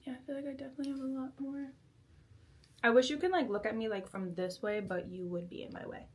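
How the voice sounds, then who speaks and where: A woman's voice: a little high, level tone, fast talker, darkish tone, breathy edge. A woman in her twenties chatting casually and giggling as she does her makeup at home. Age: 20s. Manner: chatty, giggly, self-deprecating. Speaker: vlogger. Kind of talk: casual chat while doing makeup. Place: bedroom at home.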